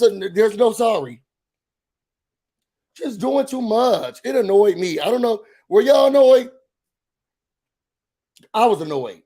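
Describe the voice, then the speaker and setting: A man hosting a casual reality TV recap, gossipy and animated, talking straight to his viewers. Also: sits high, unhurried. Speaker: reality show recap host.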